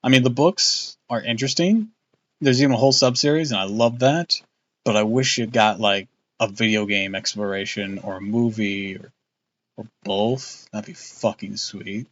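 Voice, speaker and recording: A man's voice: fairly low pitch, normal speed, a bit bright, highs cut off. A man casually reading a book aloud on a live stream, loose and off-hand, with crude asides.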